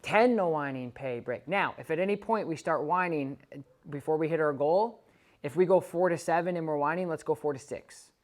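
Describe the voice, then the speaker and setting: A man working as a dog trainer, calmly coaching a client through exercises and counting out the timing. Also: fairly high pitch, moderate pace. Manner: calm, coaching, counts out loud. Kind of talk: instructing a client during training.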